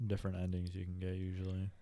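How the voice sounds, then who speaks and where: Low, mellow-voiced man, relaxed chat. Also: fast talker, dry recording. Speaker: podcast co-host. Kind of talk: casual chat.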